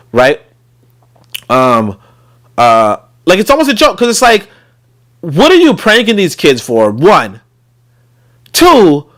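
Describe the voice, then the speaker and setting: A man talks through his commentary in a loose, rambling way, full of fillers and restarts. His pitch is lively and swings up and down as he talks. It sounds like a casual stream. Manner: rambling, many fillers, trails off. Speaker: host.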